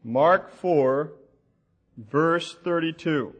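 A man teaching a sermon from the Bible, slow and deliberate, asking the audience questions as he reads out passages. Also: on the high side, slightly rough. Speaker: preacher.

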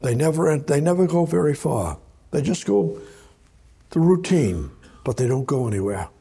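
A man with a fairly high, creaky voice that's warm and slightly rough preaches at a moderate pace with lively intonation. He reads scripture aloud in a conversational sermon, often repeating words.

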